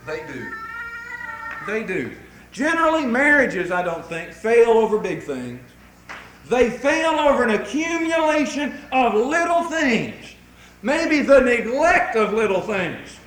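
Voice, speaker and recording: A man preaching a sermon to a congregation, telling folksy stories in an animated way. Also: extremely high pitch, takes it slowly, echoey room, a little hiss or hum, rough recording.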